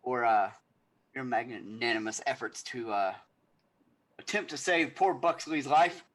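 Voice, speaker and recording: A man's voice: mid-range voice, measured pace, fairly bright tone, poor audio. A man voicing a snobbish, condescending aristocratic male hunter with a pompous, sneering manner.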